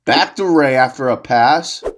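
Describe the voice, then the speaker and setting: A young man doing solo play-by-play commentary on a video game basketball match, excitable and jokey, rising to shouts on big plays. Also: mid-range voice, a little slow, background noise.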